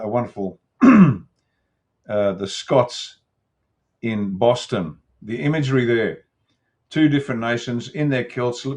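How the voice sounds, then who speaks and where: An older Australian man, a guest commentator, talking emphatically in an interview, with restarts and throat clearing. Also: medium pitch, darkish tone. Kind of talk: opinionated interview talk.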